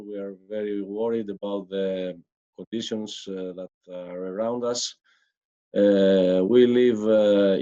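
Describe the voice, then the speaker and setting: A middle-aged Greek man speaking English with a Greek accent, slowly and carefully, filling pauses with "uh". His voice is low and mellow. It comes through a dull, lo-fi remote line. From Greece. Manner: careful, halting, many fillers. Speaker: basketball coach, guest. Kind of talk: interview answers.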